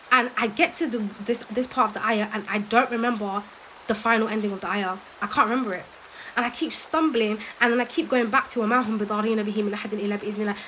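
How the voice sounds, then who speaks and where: A woman, telling a story in an animated, emphatic way and reciting verses quickly. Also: on the high side, slight background noise, rough recording. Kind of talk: casual storytelling.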